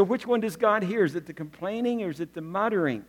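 A male pastor preaches in a folksy, joking way and keeps the congregation involved with questions. His voice sits fairly high for a man. It rings out with the long reverb of a large church hall. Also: fast, few pauses. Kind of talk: sermon.

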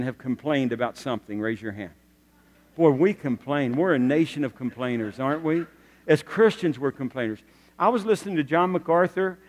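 A male pastor preaches in a folksy, joking way and keeps the congregation involved with questions. His voice sits fairly high for a man. It rings out with the long reverb of a large church hall. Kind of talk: sermon.

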